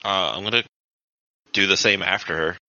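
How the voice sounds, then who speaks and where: A man's voice: deep voice, moderate pace, pushed and bright, no room sound, muffled recording. A man playing a tabletop game, talking casually and swearing freely. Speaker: player.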